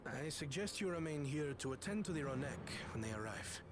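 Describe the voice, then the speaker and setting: An actor playing a calm male ally in a video game, speaking in a measured, commanding way. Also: on the high side, background noise, lightly acted. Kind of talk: voiced game dialogue.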